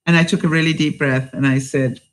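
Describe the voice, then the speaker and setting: A woman's voice: sits low, steady tone, fairly quick, poor audio. A woman vlogger in a casual livestream chat, telling a story to her viewers, laughing often and asking them for their thoughts. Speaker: vlogger answering live viewers.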